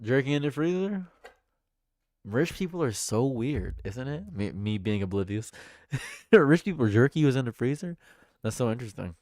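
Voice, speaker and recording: A man's voice: medium pitch, lively intonation, moderate pace, darkish tone, no echo, studio quality. A man streaming casual commentary, joking and chatting as he reads and answers his chat.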